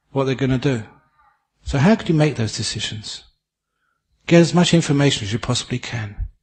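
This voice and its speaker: A man with an English accent giving a Buddhist dharma talk, a gentle storyteller who laughs at his own jokes. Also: medium pitch, breathy edge. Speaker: Buddhist teacher.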